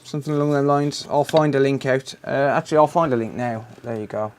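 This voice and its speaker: A man's voice: mid-range voice, steady tone, a little fast, a little mellow. A British man hosting a repair live stream, chatting casually and answering viewer messages while he works. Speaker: repair livestream host.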